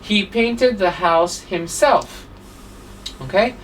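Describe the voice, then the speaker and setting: A woman's voice: mid-range voice, expressive, slow. A woman teaching an English grammar lesson, explaining each point step by step and checking with "right?" after nearly every sentence. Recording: voice a little distant from the mic, faint room hum.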